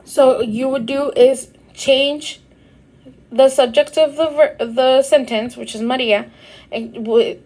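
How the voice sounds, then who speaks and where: A woman teacher giving a recorded grammar lecture, explaining patiently and repeating examples slowly. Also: fairly high pitch, a little mellow, a little hiss or hum, rough recording. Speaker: Spanish teacher.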